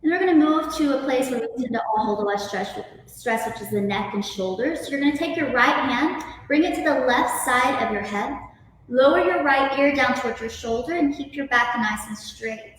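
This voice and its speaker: A woman yoga instructor speaking calmly, gently guiding breathing and stretches. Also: high-pitched, moderate pace, heavy reverb, long reverb tail, recorded from a distance, slight background noise, low-quality recording. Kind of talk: guest interview then guided yoga instruction.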